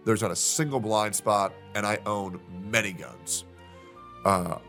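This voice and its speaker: Low-voiced man telling a story over faint music. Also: fairly bright tone. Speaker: streamer in a played clip. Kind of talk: casual storytelling to a stream.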